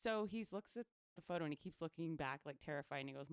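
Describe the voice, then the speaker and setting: A woman's voice: low voice, lively intonation, fast talker, smooth, no echo. A woman in her thirties co-hosting a podcast, telling family stories in casual chat and acting out quotes with dry jokes. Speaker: podcast co-host.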